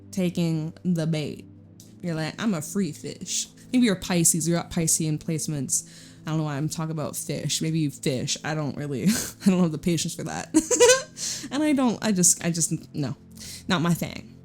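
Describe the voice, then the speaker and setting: A woman's voice: on the low side, normal speed, darkish tone. Young woman, tarot reader, blunt, swears a lot, faint music behind. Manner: chatty, blunt, swears freely, laughs often. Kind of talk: casual tarot reading.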